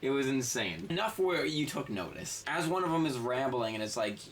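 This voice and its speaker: A man's voice: medium pitch, sing-song, brisk. A man telling a long anecdote in casual chat, rambling and profane, often cutting himself off mid-sentence. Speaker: game podcast co-host. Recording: distant mic with faint background noise.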